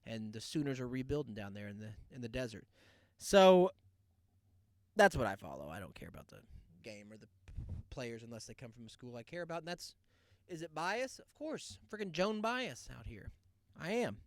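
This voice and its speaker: A man hosting his own show, ranting loudly and sarcastically, with laughs in between. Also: mid-range voice, sing-song, moderate pace, dry recording, studio quality. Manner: loud, sarcastic rants with laughs. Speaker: podcast host. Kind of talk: casual solo rant.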